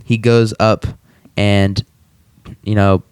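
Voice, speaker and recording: A man's voice: on the low side, flat delivery, slow pace, darkish tone, smooth, no echo. A man co-hosting a podcast, chatting and retelling scenes, often laughing and acting out quoted lines in a raised voice. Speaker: podcast co-host. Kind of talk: casual chat recapping an episode.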